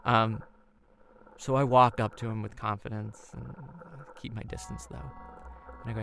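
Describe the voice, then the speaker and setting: A man in his twenties telling a comic personal story, rambling and self-deprecating, with many restarts, his voice jumping high when he acts out his own panic. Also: little pitch movement, normal speed, gravelly, long pauses, fairly bright tone, faint music behind. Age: 20s.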